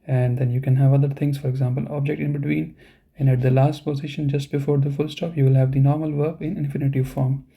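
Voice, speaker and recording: Gravelly-voiced man teaching a language class. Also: mid-range voice, little pitch movement, fast talker, warm tone. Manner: explanatory, with frequent "you know" and "okay". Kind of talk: online class lecture.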